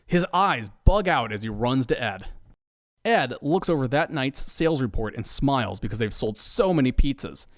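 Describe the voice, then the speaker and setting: A man telling a scripted comedy story with deadpan asides. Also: mid-range voice, moderate pace, no echo, clean studio sound. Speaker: podcast narrator.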